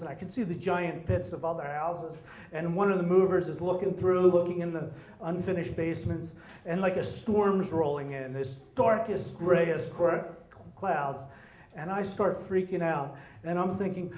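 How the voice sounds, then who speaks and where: A middle-aged man telling a personal story, animated and acting out the voices of the people in it. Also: sits high. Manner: animated, acts out quoted voices. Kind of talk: personal story told to an audience. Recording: echoey room.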